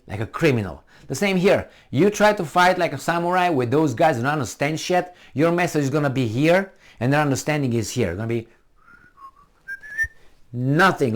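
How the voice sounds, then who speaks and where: A man's voice: fairly high pitch, lively intonation, moderate pace. Heated, profane man ranting. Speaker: commentator. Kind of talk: opinion rant.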